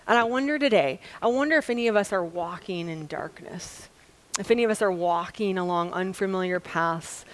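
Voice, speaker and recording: A middle-aged woman preaching a sermon, retelling a story with lively acted-out dialogue. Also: mid-range voice, normal speed. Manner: lively storytelling, acting out voices in retold dialogue. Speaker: pastor.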